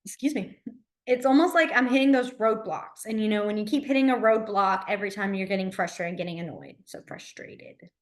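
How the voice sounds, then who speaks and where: A young woman teaching a beginner sign language class, chatty and quick to laugh, with lots of fillers. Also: medium pitch. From Alabama. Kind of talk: casual classroom instruction.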